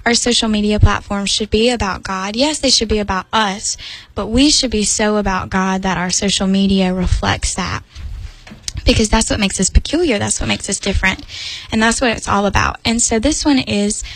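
A woman's voice: medium pitch, normal speed, no room sound, low-quality recording. A woman hosting a Bible study broadcast, chatty and giggly, with lots of "like" and "y'all". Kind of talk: casual Bible study talk.

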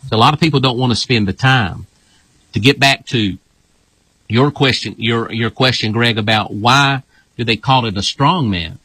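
A male pastor with a bright, forceful voice that has a husky edge. He explains things in an emphatic, repetitive way, and the sound is close and dry. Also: mid-range voice, normal speed, no echo, rough recording. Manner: emphatic, repeats "this here". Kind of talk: casual teaching talk.

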